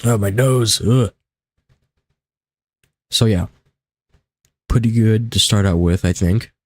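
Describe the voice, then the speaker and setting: A young man talks casually through a live gameplay stream, rambling and half talking to himself. His just-woke-up morning voice sits very low. A desk streaming mic picks him up dry and close. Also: a little mellow, no echo. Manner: casual, rambling, self-talk while playing. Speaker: livestreamer.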